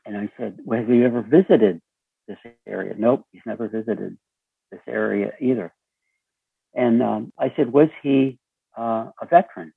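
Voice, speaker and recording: Gravelly raspy man on a tinny phone line. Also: mid-range voice, normal speed, no room sound. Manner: acts out quoted dialogue with lively shifts. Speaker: interview guest. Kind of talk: storytelling conversation.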